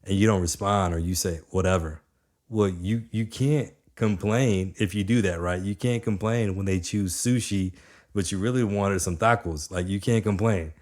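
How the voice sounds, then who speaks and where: A man in his thirties with a very low voice gives a motivational talk. He sounds energetic and conversational and keeps checking in with his listeners. The delivery stays informal and direct. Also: moderate pace. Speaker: motivational speaker.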